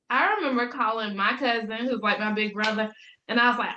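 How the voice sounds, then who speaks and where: A woman's voice: fairly high pitch, moderate pace, pushed and bright, lo-fi sound, slight background noise. A woman in her thirties, a business coach talking as a podcast guest, upbeat and laughing often as she tells stories. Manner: upbeat, laughs often, faith-filled storytelling. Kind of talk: casual interview chat. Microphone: video call. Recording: roomy echo.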